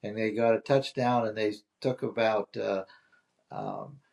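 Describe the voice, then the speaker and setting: A man's voice: on the low side, wildly swooping pitch, measured pace, creaky, a little mellow. An older man as the guest in a casual chat, speaking tersely and dryly and making his points through questions. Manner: terse, dry, leads with questions.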